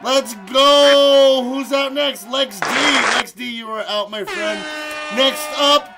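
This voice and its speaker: Over a loud, noisy crowd, a live stream host playfully announces each player who drops out of the game, frequently laughing. He speaks slowly in a very high voice.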